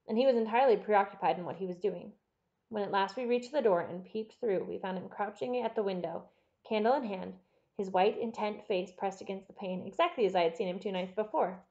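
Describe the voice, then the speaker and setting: A woman with a mid-range voice tells a classic novel as an audiobook in a measured, expressive way. The audio sounds dull.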